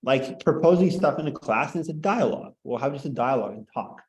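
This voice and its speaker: A man of ordinary pitch lectures a class in a classroom. He rambles and cracks jokes, with plenty of fillers between points. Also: expressive, fast, a little mellow, low-quality recording. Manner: rambling, joking, heavy on fillers. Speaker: teacher.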